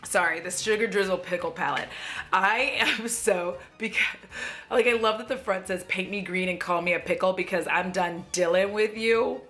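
A woman's voice: medium pitch, normal speed, a bit bright, soft background music. Chatty, gushing woman vlogger. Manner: gushing, chatty, playful asides. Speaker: beauty vlogger. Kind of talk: casual haul vlog. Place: at home.

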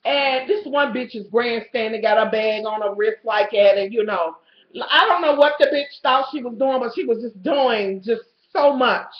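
A woman, telling a profane, animated story as a vlogger, swinging between loud outbursts and low asides. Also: moderate pace. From Kentucky, USA. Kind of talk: ranting storytelling. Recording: echoey lo-fi home video.

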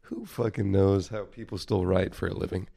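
Man, very low pitch, creaky, mellow, profane casual podcast chat. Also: steady tone, moderate pace, no echo. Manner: profane, joking banter. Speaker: podcast co-host.

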